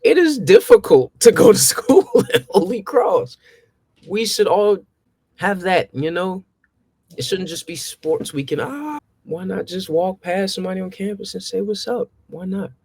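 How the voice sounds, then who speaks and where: Animated young man telling street stories. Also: measured pace, breathy edge, dry recording. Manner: animated, acts out his own past exchanges with rising pitch. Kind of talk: casual storytelling.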